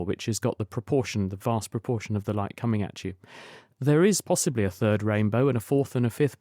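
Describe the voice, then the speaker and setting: A man with a mellow, rounded voice explains the science patiently and fluently to a radio caller. His delivery is lecturing but conversational, and the recording is dry and close. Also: mid-range voice, no room sound. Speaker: science expert answering listener questions.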